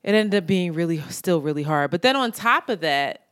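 A young woman co-hosts a casual podcast chat, animatedly telling stories, swearing freely and acting out the people she quotes. Her voice is fairly low, a little fast and clean, captured in a clean studio sound with no room sound.

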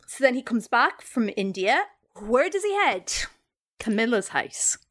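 A woman's voice: fairly high pitch, measured pace. A woman, casually retelling a story on a chat podcast and acting out the quotes. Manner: animated, acts out quoted voices. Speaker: podcast co-host telling the story.

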